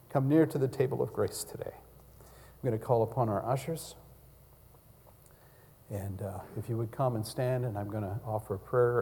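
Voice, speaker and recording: A male pastor preaching a sermon and communion prayer, swinging from loud cries down to hushed near-whispers. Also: fairly low pitch, big-room sound.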